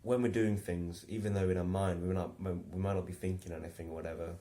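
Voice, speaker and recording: A young man tells a casual story in a loose, rambling way, full of restarts and chuckles. His voice sits on the low side, and he drifts into slower, reflective musing. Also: little pitch movement, mellow, faint music behind. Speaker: vlogger.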